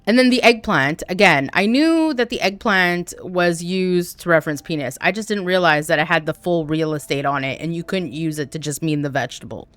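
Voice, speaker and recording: A woman's voice: lowish voice, a little fast, hardly any pauses, a bit bright, dry recording. A woman streaming a game live, chatting candidly and jokingly with her viewers as she plays. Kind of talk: casual chat while playing live.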